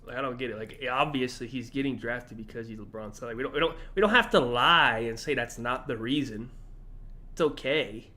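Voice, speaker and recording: A man's voice: medium pitch, brisk, pushed and bright. A man streaming, reacting in casual, blunt, profane commentary, often incredulous.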